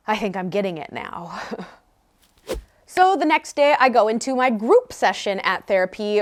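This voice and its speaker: A woman in her thirties, a vlogger telling a personal story in an animated, candid and conversational way. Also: on the high side.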